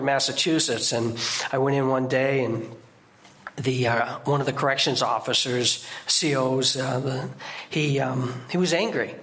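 A man's voice: medium pitch, a bit bright. A middle-aged man giving a guest sermon in a church, preaching conversationally with restarts and sudden emphatic outbursts.

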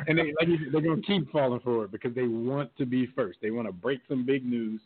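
A man's voice: mid-range voice, quick pace, few pauses. A man hosting a casual sports talk show, joking loosely and laughing often. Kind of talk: casual sports chat with callers. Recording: phone-quality line with faint hiss.

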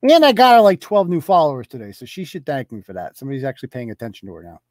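A man's voice: on the high side, wildly swooping pitch, racing, dry recording, clean studio sound. A man hosting a live online commentary show. He reads posts aloud off his screen and answers them in a mocking, profane, sarcastic way, chuckling as he goes. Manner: chuckles through his rants.

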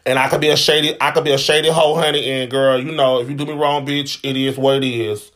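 A man's voice: medium pitch, flat delivery, fast, a bit bright. A man giving sassy, profane, dramatic commentary in a casual vlog. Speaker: vlogger.

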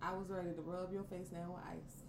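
A woman co-hosting a casual podcast chat, animated and profane, often slipping into playful voices. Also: on the low side, a little fast, vocal fry, background noise. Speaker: podcast co-host. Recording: roomy echo, set back from mic, faint ambience.

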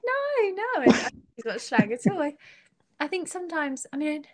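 A young British woman, a singer-songwriter guest, chatting casually in an interview, giggly and halting with many restarts. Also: high-pitched, very animated. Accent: British English.

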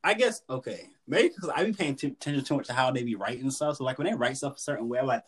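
A man's voice: mid-range voice, fast talker, few pauses, fairly bright tone. A man co-hosting a podcast who talks casually and teases his friends, laughing often. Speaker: podcast co-host. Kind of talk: casual chat.

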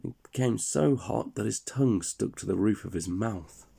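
Gravelly low-voiced man reading aloud. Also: normal speed. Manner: relaxed, chatty, laughs and explains for a child. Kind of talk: reading a fairy tale aloud to a child.

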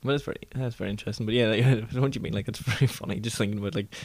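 A man's voice: lowish voice, fairly even intonation, rapid-fire, no echo. A young Irish man from Donegal co-hosting a podcast, rambling casually with lots of fillers and the odd swear. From Ireland. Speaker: podcast co-host. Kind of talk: casual chat.

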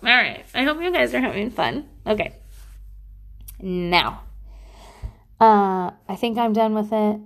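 A woman's voice: medium pitch, expressive, measured pace, vocal fry, pauses often. Woman, mom, casual solo monologue, swearing freely, rambling and self-mocking, mid-range voice. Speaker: mother talking to her audience. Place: bathroom at home.

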